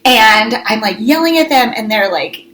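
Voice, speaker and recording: Animated woman telling a parenting story. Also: fairly high pitch, brisk, poor audio. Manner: animated, shouts when acting out scolding. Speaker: podcast co-host. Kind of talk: casual chat, storytelling.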